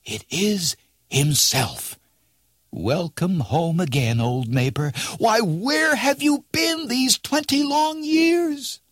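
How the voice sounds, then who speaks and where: A man voicing a tottering old village woman who cries out in a high, quavering voice. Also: expressive, takes it slowly, fairly bright tone, no room sound, clean studio sound, heavily acted. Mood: amazed.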